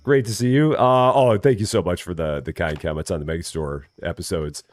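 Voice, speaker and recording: A man's voice: deep voice, fairly even intonation, fairly quick. A man casually commenting as he plays a farming game on a live stream, chatty and friendly, greeting viewers by name and often repeating his words. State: still waking up, early morning.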